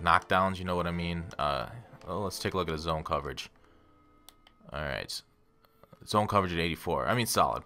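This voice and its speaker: A man's voice: sits low, pushed and bright. A man giving rambling, casual commentary on his gameplay and talking straight to his viewers. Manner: rambling, self-deprecating, talks to viewers. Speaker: gaming YouTuber.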